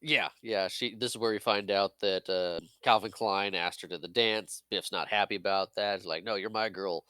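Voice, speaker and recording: A man with a bright, forward voice chats on a podcast, cracking jokes, laughing and quoting movie characters as he recaps the story. The sound is dry and close to the mic. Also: lowish voice, fairly even intonation, moderate pace, few pauses, smooth, dry recording. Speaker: podcast co-host. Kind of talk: casual movie recap chat.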